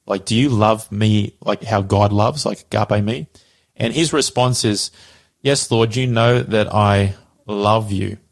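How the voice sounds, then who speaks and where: A man's voice: lowish voice, measured pace, gravelly. A man casually explaining a Bible passage, animatedly acting out the quoted dialogue.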